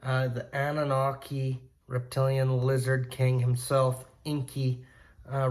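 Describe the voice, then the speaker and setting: Earnest, excitable man hosting a video channel. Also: mid-range voice. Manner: earnest, excitable, many fillers. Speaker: channel host. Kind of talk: casual monologue to camera.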